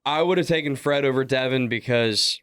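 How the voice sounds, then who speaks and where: Young male radio co-host, earnest and steady, smooth resonant voice, mid pitch. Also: a little fast, dry recording, clean studio sound. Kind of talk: casual sports talk. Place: radio studio.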